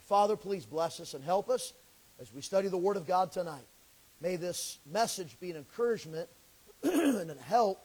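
A pastor, preaching a sermon in an earnest, folksy way with a slightly crackly, scraggly voice. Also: male voice, sits high, a little mellow. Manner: earnest, folksy, pauses to clear throat.

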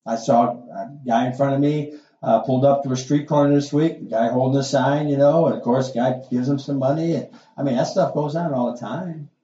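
A man's voice: medium pitch, steady tone, fairly quick, mellow, echoey room, dull audio, slight background noise. A middle-aged male pastor preaching a sermon in a folksy, conversational way, full of asides and rhetorical questions.

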